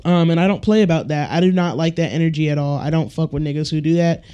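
A man ranting on his own podcast, blunt and foul-mouthed, in a voice that sits a little high for a man yet sounds dark and mellow. He slips into other people's voices when he quotes them. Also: fast, clear, resonant tone, lo-fi sound. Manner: acts out quoted people with shifts in voice. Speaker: podcast host. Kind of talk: casual solo podcast rant.

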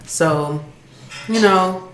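A woman's voice: on the low side, drawn-out words, fairly bright tone. A woman co-hosting a podcast, musing reflectively in casual chat. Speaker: podcast co-host. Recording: roomy echo with faint noise.

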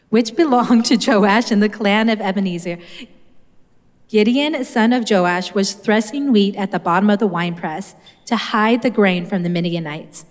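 A woman preacher giving a sermon in an earnest, conversational way, speaking straight to her listeners. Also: a little high. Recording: long hall reverb.

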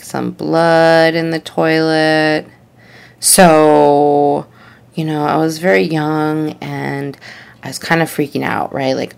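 A woman's voice: low-pitched, vocal fry, clean tone. A young woman telling a funny personal story in a chatty, rambling way, full of "like" and "you know.". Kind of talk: casual comedic storytelling.

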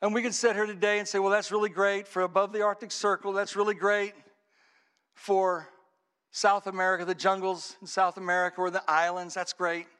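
A man preaching a sermon, telling a story dramatically, his voice swinging from hushed to shouting. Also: high-pitched, level tone, brisk, clean tone.

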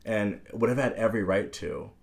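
A man with a fairly low voice talks through a film on a casual podcast. He is animated and profane, often slipping into quick impressions of the characters as he retells scenes. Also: vocal fry. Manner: animated, profane, acts out characters' lines in higher voice. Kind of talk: casual chat about a film.

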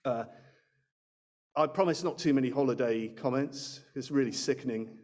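A man's voice: mid-range voice, normal speed, noisy background. A man preaching a sermon in a church, chatty and self-deprecating, speaking into a handheld mic. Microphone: handheld microphone.

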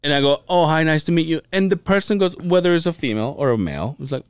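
A man's voice: on the high side, quick pace, hardly any pauses, clean tone, no room sound, studio quality. A young man co-hosting a podcast, talking casually, rambling with restarts, cursing and laughing. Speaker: podcast co-host. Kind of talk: casual chat.

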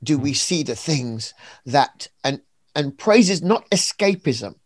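A man with a fairly high voice, talking in an animated, preacherly way. He leans hard on key words and acts out little scenes. It sounds like a conversation, not a sermon from a pulpit. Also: slow pace, no echo. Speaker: author and preacher being interviewed.

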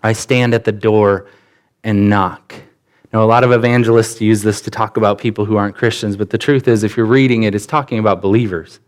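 A man's voice: fairly low pitch, steady tone, a little fast. A man preaching a sermon as pastor, earnest and conversational, often repeating his phrases as he builds a point.

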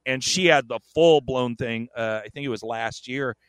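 A man's voice: mid-range voice, normal speed, a bit bright, clear, resonant tone, dry recording. A man co-hosting a podcast, telling a story in a rambling, profane, joking way. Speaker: podcast co-host. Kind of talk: casual chat.

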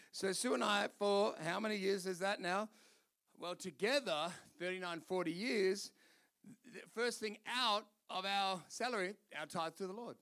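A man's voice: high voice, a little slow, a bit bright. A middle-aged man preaching a sermon as pastor, emphatic, repeating phrases and acting out quotes.

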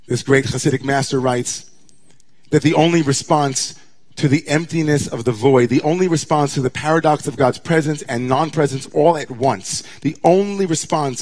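A middle-aged man, a rabbi, giving a dramatic sermon that swings from hushed, drawn-out near-whispers to impassioned declamation. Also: fairly high pitch.

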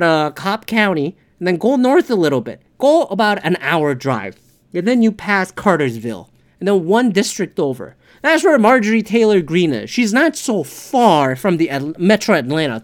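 A man giving a casual, rambling political rant, swearing freely and restarting his sentences. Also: sits high. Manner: rambling, profane, many fillers and restarts. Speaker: political commentator.

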